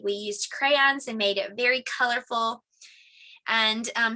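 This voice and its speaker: Bright-voiced homeschool teacher woman. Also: fairly high pitch. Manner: clear, patient teacher talk with clapping of syllables. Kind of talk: home lesson demonstration.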